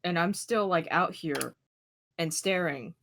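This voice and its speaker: A woman playing a tabletop horror game, swearing and asking quick questions. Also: lowish voice, very noisy. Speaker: player. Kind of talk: casual game chat.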